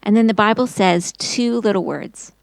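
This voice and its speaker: A woman teaching Sunday school, telling a Bible story to children in an expressive storytelling voice. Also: medium pitch, moderate pace, creaky, no room sound, poor audio. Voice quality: expressive storyteller, acting out quotes in raised voice.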